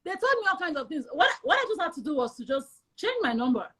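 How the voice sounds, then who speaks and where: A young woman with a Nigerian accent, telling her personal story as an interview guest in an emphatic, animated way. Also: high voice, quick pace. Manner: emphatic and animated, acts out quoted voices.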